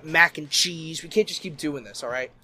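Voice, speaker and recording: A man riffing in improvised comedy banter, animated and swearing, jumping between loud bursts and soft asides. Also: a little high, fairly quick, a crowd in the background.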